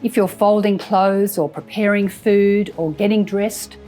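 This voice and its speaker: A woman health professional giving slow, measured advice on managing breathlessness. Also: medium pitch, fairly even intonation, dark tone, faint music behind. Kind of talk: instructional health narration.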